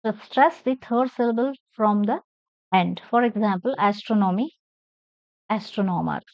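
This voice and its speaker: During a classroom English lesson, a woman with a fairly high, darkish voice spells words out letter by letter and reads aloud, pressing hard on stressed syllables. She speaks slowly and deliberately, and the recording is dry and a little dull.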